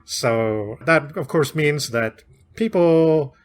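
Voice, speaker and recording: A man's voice: fairly high pitch, slow pace. A man co-hosting a podcast, casually recapping and discussing a classic novel, chatty and often laughing. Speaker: podcast co-host.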